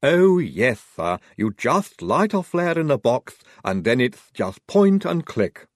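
A man's voice: mid-range voice, sing-song, slow, dry recording, studio quality, pitched above the performer's own voice. A man voicing a stiff, formal young army private who speaks matter-of-factly.

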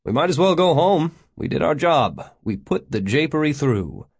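A man's voice: a little high, sing-song, normal speed, slightly rough, voice pushed up, heavily acted. A man reading an audiobook, voicing an earnest, resolute lead character. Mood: triumphant. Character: determined man, leader of a prank.

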